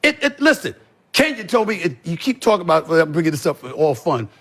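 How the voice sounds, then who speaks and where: A man's voice: fairly high pitch, big pitch swings, brisk, a bit bright. A man talking in a heated, profane podcast conversation, pressing his points again and again. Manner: emphatic, profane, repeats points. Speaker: sports commentator as podcast guest.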